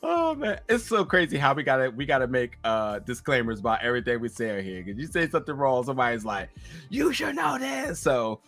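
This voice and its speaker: A man's voice: medium pitch, big pitch swings, fast, hardly any pauses, a bit bright, soft background music. Male recap-show host, conversational, talks straight to viewers. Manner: chatty, signs off to viewers. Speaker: TV review podcast host. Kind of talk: casual recap chat.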